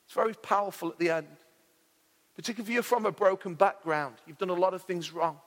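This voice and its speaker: A man's voice: high voice, fast talker. A man preaching a sermon as pastor, fervent with jokey asides to the congregation, heard in a church hall. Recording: hall reverb.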